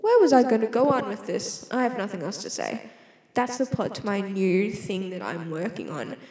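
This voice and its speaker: A woman's voice: medium pitch, very animated, moderate pace, a little mellow. A young Australian woman rambling casually to camera, giggly and scattered, cutting herself off mid-sentence. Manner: giggly, scattered, self-interrupting. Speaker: vlogger. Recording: echoey room with long reverb.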